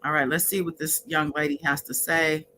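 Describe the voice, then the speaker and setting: A woman's voice: low-pitched, little pitch movement, moderate pace, over music, low-quality recording. A woman hosting a casual livestream, chatting with viewers in the chat by name. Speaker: livestream host.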